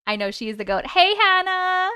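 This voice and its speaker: A woman's voice: extremely high pitch, big pitch swings, normal speed, sharp tone, dry recording, clean studio sound. A woman hosting a live stream, chatting casually with viewers, laughing often and swearing freely.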